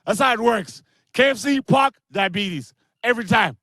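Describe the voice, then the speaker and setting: Brash comedian, high voice. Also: male voice, moderate pace, no room sound. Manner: brash, crude, animated storytelling with voiced characters. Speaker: stand-up comedian. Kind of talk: online stand-up set.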